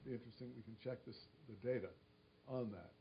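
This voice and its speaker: Halting man questioning a panel. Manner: halting, measured, many restarts. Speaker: audience questioner, senior advisor. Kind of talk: public discussion. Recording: dull lo-fi recording with faint rumble.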